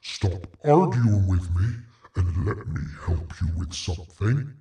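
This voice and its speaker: A man voicing a stern, cold AI chatbot that lays down terms in a slow, commanding way. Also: low-pitched, animated, creaky, mellow, reverberant, distant mic, exaggerated voice.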